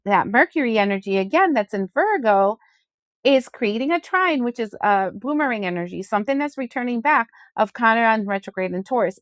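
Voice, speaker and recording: A woman's voice: a little high, dry recording, studio quality. A woman hosting an astrology channel, giving a frank, chatty daily forecast with mild swearing. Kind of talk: casual spoken astrology forecast.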